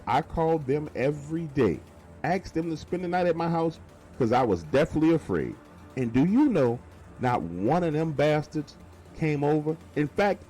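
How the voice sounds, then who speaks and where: A man narrating a first-person scary story in a colloquial, emphatic, animated way. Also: medium pitch.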